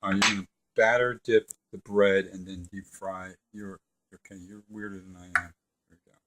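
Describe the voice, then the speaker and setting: Here a middle-aged father's voice sits on the low side and moves at an ordinary pace, with background noise audible. Standing by a deep fryer in the family kitchen, he cooks with his son and spins a story full of laughter in a relaxed, talkative way.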